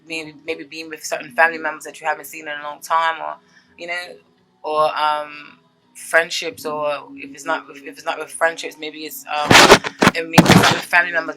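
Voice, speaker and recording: Bright-voiced, chatty woman tarot reader. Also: low-pitched, low-quality recording. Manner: chatty and earnest, often checks in with "okay?"; reads card meanings aloud, then comments freely. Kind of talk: casual spoken tarot reading to viewers.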